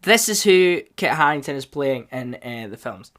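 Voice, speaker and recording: A man hosting a solo podcast, rambling casually and bursting into loud enthusiasm. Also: mid-range voice, expressive, normal speed. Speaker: podcast host.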